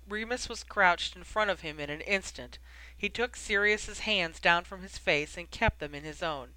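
A steady audiobook narrator with a bright, ringing voice and a smooth, crisp tone. The reading is dry and close, with no room sound. It carries the story at an even, measured pace. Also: medium pitch, no echo, poor audio. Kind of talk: scripted narration.

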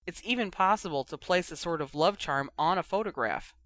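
A man reading aloud who voices Penelope, a calm, matter-of-fact young mother, in a storybook reading. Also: a little high, brisk, dry recording.

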